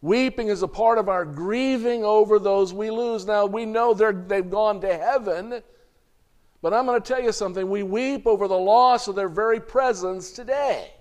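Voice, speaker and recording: A man preaching a sermon, reading scripture aloud and speaking to the congregation as "folks," with the odd throat-clear and restart. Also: sits high, normal speed, darkish tone.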